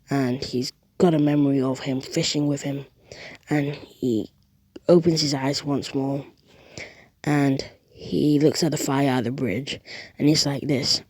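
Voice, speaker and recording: A woman's voice: low voice, a little mellow. A woman casually retelling an improvised story, rambling along with fillers and strings of "and then.".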